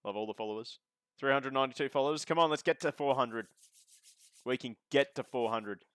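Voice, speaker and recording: A man's voice: medium pitch, a little fast, fairly bright tone, smooth, no echo, clean studio sound. Chatty man on race commentary. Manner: chatty, joking, talks to chat. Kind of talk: casual live sim racing commentary.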